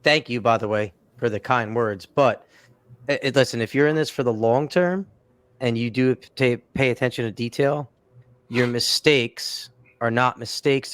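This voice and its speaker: A male podcast co-host offers emphatic advice and stumbles over a few words along the way. His voice is mid-pitched, and the recording is dry and close. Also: dry recording. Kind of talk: casual podcast chat.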